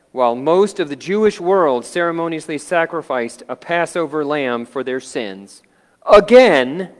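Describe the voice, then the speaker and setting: Slow, solemn male preacher. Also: mid-range voice, big-room sound. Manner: slow, dramatic, dropping to hushed tones. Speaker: pastor. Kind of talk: sermon. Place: church sanctuary.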